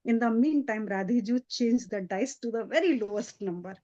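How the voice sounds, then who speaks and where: A woman giving a devotional lecture, retelling a sacred story in an animated storytelling manner. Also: fairly high pitch, normal speed, highs cut off. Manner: animated storytelling with frequent restarts. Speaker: spiritual lecturer.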